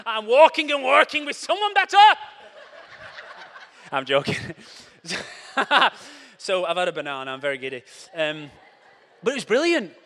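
Young guy preaching, high voice, joking around, big echoey hall. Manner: playful, animated, acts out scenes with quoted voices. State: out of breath after a race. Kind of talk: lively sermon with jokes. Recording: long hall reverb.

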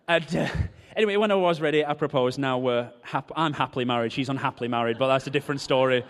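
A man's voice: medium pitch, fast, some chatter behind. A man preaching a sermon, telling stories and joking with the congregation. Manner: animated, joking storyteller. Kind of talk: sermon with storytelling. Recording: long hall reverb.

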